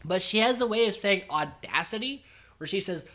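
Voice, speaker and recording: Bright, rambling reality-TV recap host. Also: medium pitch, lively intonation, moderate pace. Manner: rambling and chatty, lots of "like", swears casually. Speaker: podcast host.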